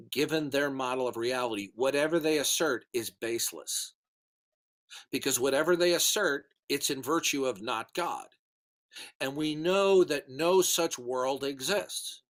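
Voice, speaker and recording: A man's voice: fairly high pitch, a bit bright. A man lecturing in a casual voice chat, scornful and repetitive, with hiccups. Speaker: Christian apologist in voice chat. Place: online voice chat.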